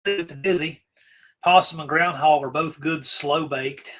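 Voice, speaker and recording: A man's voice: a little high, unhurried, a bit bright, low-quality recording. A man from Virginia hosting a casual livestream, rambling easygoingly through viewer comments and often trailing off to restart. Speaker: livestream host. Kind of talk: casual live-stream chat, answering viewer comments.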